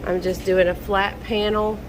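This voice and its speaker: A woman giving an excited, chatty vlog tour on a handheld phone. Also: medium pitch, unhurried, background noise. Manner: excited, chatty, showing things off. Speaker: vlogger, pastor's wife.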